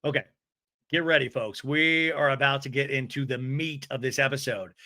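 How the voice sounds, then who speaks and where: A male podcast host recapping a reality show in a comedic, casual way, with crude jokes and mocking voices for the people he quotes. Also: normal speed. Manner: animated, acts out quotes in high mocking voices; crude, joking asides.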